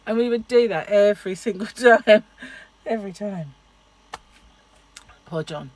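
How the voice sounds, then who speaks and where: A woman's voice: mid-range voice, measured pace, darkish tone. A middle-aged woman vlogging in a casual, chatty way, telling stories and laughing often. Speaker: diet vlogger. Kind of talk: casual chat.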